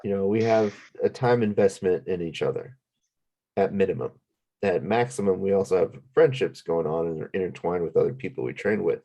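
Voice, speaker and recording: Earnest low-voiced man with lively intonation. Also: fairly quick, muffled recording. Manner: earnest, reflective, builds his point step by step. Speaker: podcast co-host. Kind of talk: casual chat.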